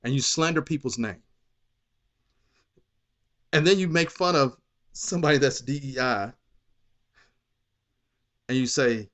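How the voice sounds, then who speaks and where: A man's voice: medium pitch, measured pace, pauses often, a bit bright. A man preaching a sermon, talking plainly to his listeners and then rising into impassioned exhortation. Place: Kansas City church or ministry.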